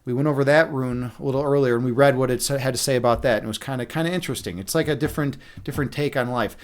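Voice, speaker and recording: A man's voice: medium pitch, rapid-fire. A middle-aged man hosting a livestream, chatting casually and loosely, with many restarts, fillers and the odd curse. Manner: loose and profane. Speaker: livestream host. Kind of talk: rambling casual livestream chat.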